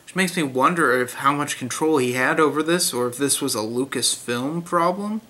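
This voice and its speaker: A man's voice: medium pitch, normal speed, bright, forceful tone. A young man giving a blunt, critical spoken book review in a casual way, with many fillers and restarts.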